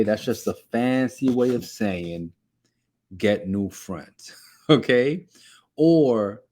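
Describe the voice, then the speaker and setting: A man with a New York accent talking straight to his viewers in a lowish voice. He keeps it conversational and coaching, checking in with "okay?" and "right?" as he goes. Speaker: keto and weight-loss video host. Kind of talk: direct-to-camera advice talk.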